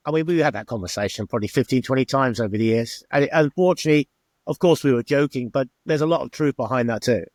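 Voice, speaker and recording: Telling stories in an interview, a middle-aged former bar owner from England is chatty and acts out each exchange he quotes. His mid-range voice has a darkish tone and a quick pace, and the recording is dry.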